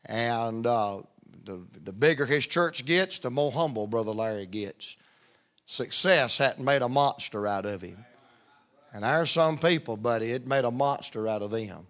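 Animated and fairly bright in tone, a middle-aged man's medium-pitched voice moves a little slowly. He's a visiting preacher cracking folksy jokes to open his sermon, in the manner of a playful storyteller.

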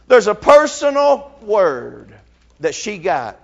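A man's voice: high voice, a little slow, fairly bright tone, highs cut off. A man in his fifties preaching a sermon fervently, with frequent filler sounds between phrases.

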